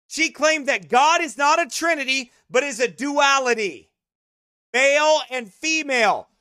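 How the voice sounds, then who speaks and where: A man preaching in a sermon-style commentary, emphatic and scornful, sometimes bursting into shouts. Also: very high voice, no room sound, clean studio sound.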